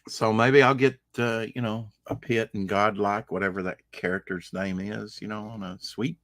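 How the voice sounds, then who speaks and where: A man's voice: fairly low pitch, fairly even intonation, moderate pace, a bit bright, dry recording. A man co-hosting a podcast, chatting casually in a rambling, teasing way. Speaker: podcast co-host. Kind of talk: casual chat.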